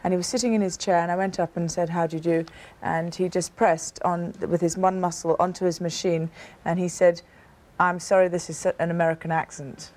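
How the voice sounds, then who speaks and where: A woman's voice: lowish voice, fairly even intonation, brisk, few pauses, darkish tone. A British woman in her thirties, a talk show guest telling personal stories with earnest emphasis and frequent restarts. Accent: British English. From Britain. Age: 30s. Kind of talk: personal storytelling in a TV interview.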